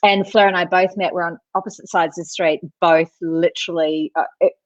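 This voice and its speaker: A woman co-hosting a casual live online chat over a video call, animated, laughing often and reading out viewer comments. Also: lowish voice, a little fast, dry recording. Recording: dull lo-fi video call audio, dry.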